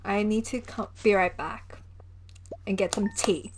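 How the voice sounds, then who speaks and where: A woman's voice: mid-range voice, a little slow, noisy background. A young woman, chatting casually and giggling as she livestreams a game. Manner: chatty, giggly, animated storytelling. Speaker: gaming livestreamer. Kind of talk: casual chat while gaming.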